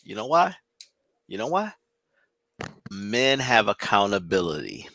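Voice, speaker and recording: A man hosting a podcast, ranting in an animated, profane way, his voice climbing high when worked up. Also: measured pace, dry recording. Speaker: podcast host. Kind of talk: heated podcast rant.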